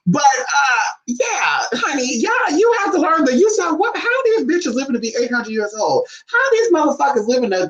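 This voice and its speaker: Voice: fairly bright tone, rough recording. Sassy, profane vlogger with wild swings. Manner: sassy, profane, teasing asides; big swings between low mutters and high squeals. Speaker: vlogger on spiritual history. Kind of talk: casual ranting monologue.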